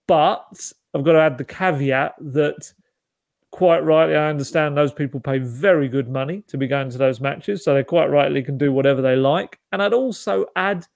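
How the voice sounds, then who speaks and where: A man's voice: on the high side, vocal fry, darkish tone, dry recording. A man co-hosting a football podcast, chatting casually with lots of restarts and asides. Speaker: podcast co-host.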